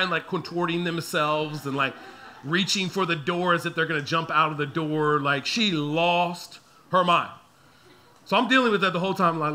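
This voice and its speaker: Male pastor, thirties, bright ringing voice, pitched a touch high, animated storyteller who slips into voices. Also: normal speed. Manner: animated, acts out voices of his kids and himself. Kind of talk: storytelling sermon.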